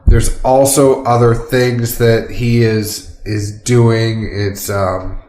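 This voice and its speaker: A man's voice: lowish voice, flat delivery, takes it slowly, a little mellow. A man co-hosting a casual podcast, joking with friends and rattling off plugs for the show. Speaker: podcast co-host. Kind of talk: casual chat. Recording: echoey room.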